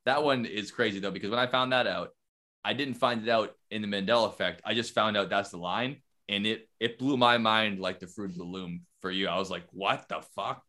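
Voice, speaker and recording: A man's voice: fairly low pitch, a little fast. A man hosting a podcast in casual chat, telling stories with lots of profanity and acting out the quotes he repeats. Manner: animated, profane storytelling that acts out quotes. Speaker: podcast host.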